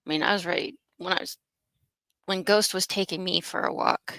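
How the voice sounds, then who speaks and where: A woman from Texas co-hosting a casual morning livestream, relaxed and quick to laugh. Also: mid-range voice, no echo. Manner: relaxed, laughs easily, short replies. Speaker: livestream co-host.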